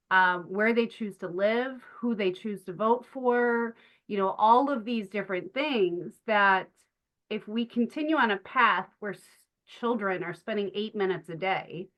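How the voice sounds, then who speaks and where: A middle-aged woman, a nature educator, telling stories in an interview in an earnest, animated way with many fillers and restarts. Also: mid-range voice. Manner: animated, acts out the voices of children and teachers. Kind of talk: storytelling in a conversational interview.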